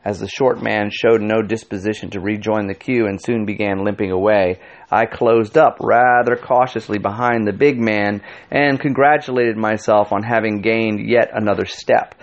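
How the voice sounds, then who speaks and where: Low-voiced man reading an audiobook. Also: steady tone, normal speed, dull audio. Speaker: audiobook narrator. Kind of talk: scripted narration.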